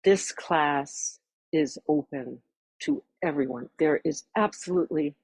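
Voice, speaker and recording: A woman's voice: low-pitched, measured pace, a little mellow, husky, dry recording, low-quality recording. Older woman voice teacher, dry close sound. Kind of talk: course introduction talk.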